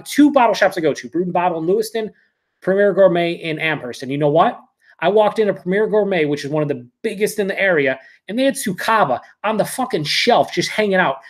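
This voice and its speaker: Excited, swearing man reviewing beer. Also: high-pitched. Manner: excited, profane and rambling; reads viewer comments aloud. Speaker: beer reviewer hosting a live stream. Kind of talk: casual live-stream rant.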